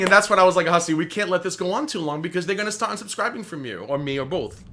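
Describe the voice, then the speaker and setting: A man hosting a livestream, chatting casually and telling stories in an animated, profane way. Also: high voice, racing. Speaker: livestream host. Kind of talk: casual chat.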